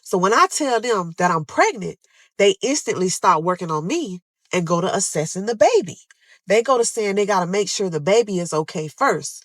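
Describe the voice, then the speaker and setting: A woman's voice: mid-range voice, very animated, normal speed, no room sound. A young woman telling an emotional true story to viewers, acting out her own pleas and cries as she talks. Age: young adult. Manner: dramatic, addresses listeners as y'all, acts out her own pleas loudly.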